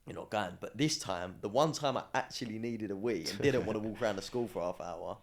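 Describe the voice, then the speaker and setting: Young adult male, slightly low pitch, animated slangy storyteller, casual podcast chat. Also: a little fast. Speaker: podcast guest, former academy footballer.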